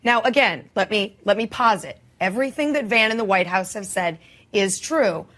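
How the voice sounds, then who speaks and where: A woman's voice: medium pitch, animated, moderate pace, fairly bright tone. A woman moderating a panel debate, pushing the guest with pointed questions.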